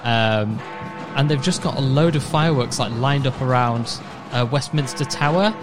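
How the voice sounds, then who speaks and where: A man's voice: medium pitch, moderate pace, over music. Chatty man hosting a casual show. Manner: chatty, excitable, cooing over fireworks. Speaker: podcast co-host. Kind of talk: casual radio-style chat.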